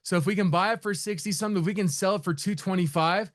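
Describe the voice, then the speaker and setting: Chatty man with a fairly high voice. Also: fast, no echo, clean studio sound. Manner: rambling and chatty, with many restarts and laughs. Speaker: trading educator. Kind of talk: live trading room session.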